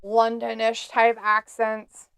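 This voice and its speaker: A woman's voice: on the high side, completely flat delivery, takes it slowly, creaky, fairly bright tone, smooth, dry recording. A woman from the United States co-hosting a live stream, chatting and reading out viewer comments with frequent giggles. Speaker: co-host of a live watch-along stream. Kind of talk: casual live-stream chat.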